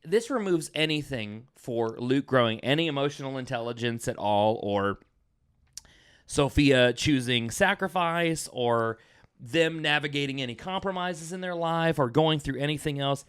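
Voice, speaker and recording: A man co-hosting a film podcast in casual chat. His voice sits at an ordinary middle pitch. He rants in an animated, exasperated way. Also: normal speed, smooth. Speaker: podcast co-host. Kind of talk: casual movie review chat.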